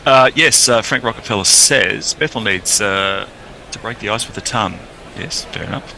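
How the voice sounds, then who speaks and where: A man's voice: fairly low pitch, normal speed, background noise. A man reading out listener messages on a cricket broadcast, speaking dryly.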